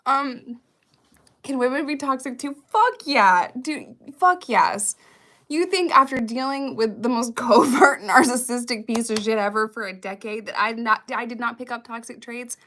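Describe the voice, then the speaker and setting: A woman's voice: fairly high pitch, normal speed, a bit bright. A woman in her thirties on a casual livestream, reading viewer comments aloud and talking candidly with frequent swearing.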